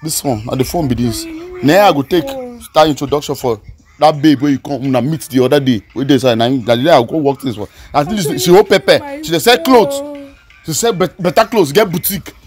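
A high-voiced young man with a Nigerian Pidgin accent, an actor playing a defiant idler who shrugs off blame. He talks back dismissively and keeps picking fights. It is a comedy skit voice. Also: brisk, faint music behind, natural voice. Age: young adult. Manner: dismissive, combative. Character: idle defiant young man shirking responsibility. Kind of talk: skit acting.

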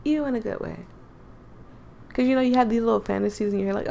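A woman's voice: medium pitch, fast talker, vocal fry, warm tone, slight background noise. A young woman hosting a casual game playthrough, chatting, giggling and rambling in asides. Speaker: gaming channel host. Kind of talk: casual let's-play commentary.

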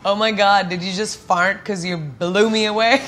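A woman in her thirties from India, giving playful, chatty quick-fire answers in an interview at home. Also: medium pitch, fairly even intonation, a bit bright. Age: 30s. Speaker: celebrity guest. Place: indoors at home.

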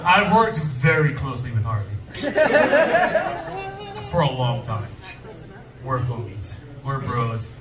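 A man's voice: mid-range voice, slow, long pauses. A man doing a loose, teasing, profane stand-up set on a club stage. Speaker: comedian. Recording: roomy distant club sound with music and crowd.

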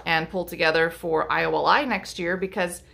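A woman in middle age talks casually to her viewers about her craft projects. Her voice sits a little low but has a bright, forceful edge. She rambles along with frequent ums and self-corrections. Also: fairly even intonation, normal speed, vocal fry. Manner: chatty, rambling with many ums and restarts. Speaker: lace-making vlogger and teacher. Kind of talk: casual chat showing crafts to camera.

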